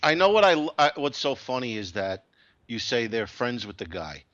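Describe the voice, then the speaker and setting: A man's voice: mid-range voice, big pitch swings, normal speed, fairly bright tone, dull audio. A man on a casual podcast who rants animatedly and swears a lot.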